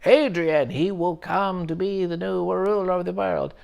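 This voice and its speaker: A man's voice: a little slow, gravelly, darkish tone, smooth, muffled recording. A man doing fervent chanting witches. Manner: high chanting, drawn out.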